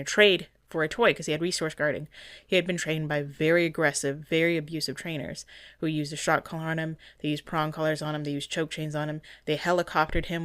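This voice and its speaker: A woman's voice: low-pitched, a bit bright, dry recording, studio quality. A woman dog trainer giving earnest, indignant commentary over a training video, often restarting her sentences.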